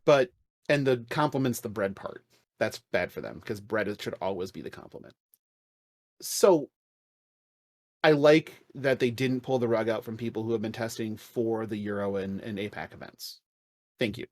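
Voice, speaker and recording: A man's voice: fairly low pitch, normal speed, no echo. A man co-hosting a casual podcast, ranting in a blunt, exasperated way with frequent swearing. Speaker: podcast co-host. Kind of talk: casual chat.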